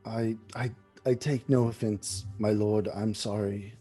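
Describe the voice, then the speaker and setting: A man voicing a frightened young peasant woman in a tabletop game, speaking softly, apologetically and haltingly. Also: on the low side, steady tone, breathy edge, soft background music. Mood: scared.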